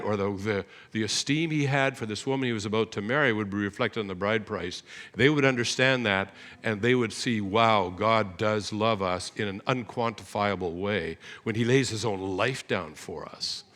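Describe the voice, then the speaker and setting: A man's voice: on the low side, fairly bright tone. A man giving an earnest, explanatory sermon in a church, often correcting himself mid-sentence. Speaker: guest preacher. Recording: reverberant church hall.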